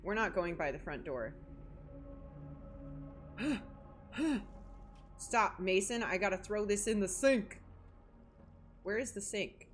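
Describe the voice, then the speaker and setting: A woman's voice: medium pitch, normal speed, a little hiss or hum. A young woman hosting a horror game playthrough, joking and reacting dramatically as she plays. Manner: jokey, dramatic, talks to herself and the game. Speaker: gaming video host.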